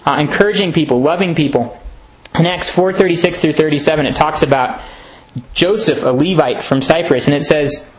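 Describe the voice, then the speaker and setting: A man's voice: a little high, a little fast, poor audio. A young man giving a casual, earnest sermon to a men's retreat, conversational and often laughing. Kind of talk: sermon talk.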